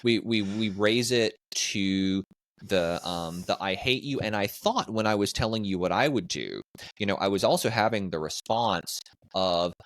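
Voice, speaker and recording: Deep-voiced, halting male co-host. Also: dry recording. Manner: measured, halting with repeated restarts. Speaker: podcast co-host, parent. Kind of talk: casual reaction discussion.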